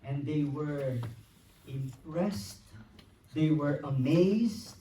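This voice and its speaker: A man preaching slowly and deliberately, leaning into long dramatic pauses. His voice sits a touch high and is caught from a distance. It rings through a reverberant church with faint ambient noise. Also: warm tone. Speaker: pastor. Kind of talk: sermon. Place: church sanctuary. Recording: echoey church hall from far off.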